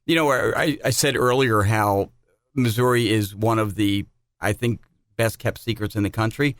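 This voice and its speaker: A man's voice: lowish voice, fairly even intonation, normal speed, smooth, no echo, studio quality. A middle-aged man co-hosting a podcast, telling stories in a chatty way and repeating words as he goes. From New Jersey, USA. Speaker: podcast co-host. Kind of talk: casual podcast chat.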